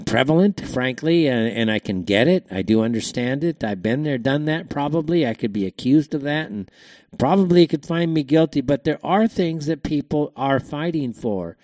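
A man's voice: a little high, expressive, normal speed, a little mellow, no room sound, studio quality. A man hosting a show, giving a rambling, emphatic opinion monologue full of fillers and repeated words. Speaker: show host.

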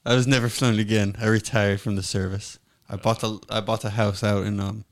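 A man's voice: lowish voice, normal speed, fairly bright tone. A man voicing an aloof, cowardly, retired male French flag in a weak put-on French accent, as improv comedy. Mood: wounded. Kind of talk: improv comedy role-play.

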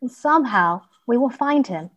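A soft, pleading young boy from a storybook, as a woman reader puts him on. His voice sits a little high and stays gentle even when he begs for help. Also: moderate pace, dull audio. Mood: tender.

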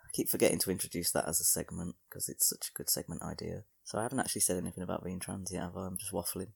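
A man's voice: low-pitched, flat delivery, racing, vocal fry, slightly rough, no room sound, studio quality. A young man hosting a solo podcast, rambling with crude, self-mocking humour. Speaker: podcast host.

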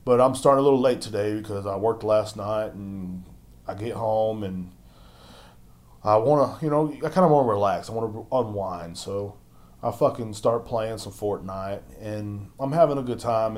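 Darkish in tone and moderate in pace, a young man rants alone on his own podcast. The young adult host swears constantly and ridicules others in silly, squeaky voices throughout the angry monologue.

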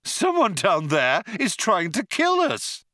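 A boastful, excitable starship captain, brash and loud even in a crisis, voiced by a man reading the story. The voice sits high and swings widely in pitch, with a bright edge. It is recorded close and dry. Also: takes it slowly, dry recording, full character voice. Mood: delighted.

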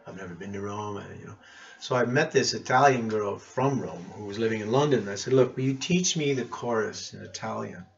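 A man's voice: lowish voice, brisk, creaky, a little hiss or hum. A middle-aged man from Nova Scotia, a musician, telling rambling stories from his life in a casual interview. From Cape Breton Island, Nova Scotia, Canada. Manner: rambling, warm anecdotal storytelling with restarts. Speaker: guest musician. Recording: muffled lo-fi podcast recording.

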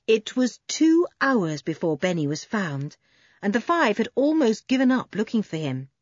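A woman reading a children's storybook aloud in an expressive, animated way. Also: medium pitch, normal speed, no echo, lo-fi sound. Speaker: audiobook narrator. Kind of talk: storybook narration.

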